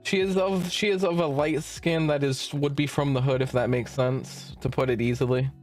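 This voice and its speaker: A man's voice: medium pitch, normal speed, soft background music. A young man streamer casually telling a long work story, swearing freely and acting out the dialogue in it. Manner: animated, swearing, acts out quoted dialogue.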